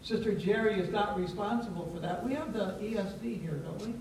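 Heavy echo fills the church sanctuary as a distant male pastor, high-pitched and darkish in tone, speaks a little fast. His sermon is playful and teacherly, coaxing the congregation to say words back, with a faint hiss in the background.

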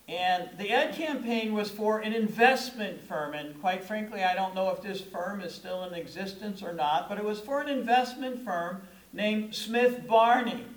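Male pastor, high voice, conversational sermon delivery, echoey sanctuary. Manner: conversational preaching with shifting emphasis.

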